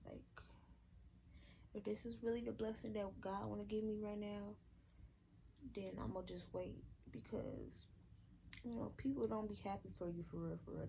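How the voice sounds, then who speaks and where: A woman's voice: mid-range voice, creaky, darkish tone, a little hiss or hum, poor audio. A young woman telling a casual storytime vlog, candid and rambling with slang and swearing, sounding out of breath. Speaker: vlogger.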